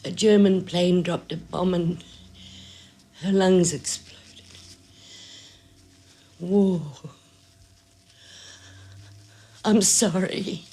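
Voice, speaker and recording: An actress playing a frail, elderly woman who speaks in a slow, measured, quietly insistent way in a film drama. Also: fairly low pitch, steady tone, breathy edge, full character voice. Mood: grief-stricken. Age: older. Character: frail old woman, gentle and determined. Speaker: caller to a radio show.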